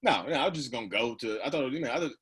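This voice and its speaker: This thirtysomething podcast guest races through casual, conversational stories, full of "like," "you know," and frequent laughter. His voice is medium-pitched and expressive, and there's background noise.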